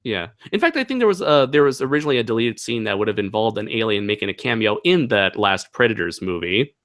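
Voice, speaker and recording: A young man reads viewer questions on his livestream in a bright, forceful voice. He rambles, laughs and fills gaps with "uh, let's see". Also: fairly low pitch, sing-song, fast. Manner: rambling, laughs often, many fillers. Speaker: channel host. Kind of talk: casual livestream Q&A chat.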